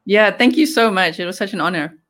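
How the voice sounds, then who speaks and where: Giggly high-voiced male podcast guest. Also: fast, fairly bright tone. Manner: agreeable, giggly, short replies. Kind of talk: casual interview chat.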